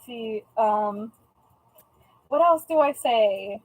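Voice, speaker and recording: High-voiced chatty woman live-streaming. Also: animated, very slow, rough recording. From US Pacific time zone. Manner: chatty and playful, tries out joking Spanish phrases. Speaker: live-stream host and online shop seller. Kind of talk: casual live-stream chat while packing orders.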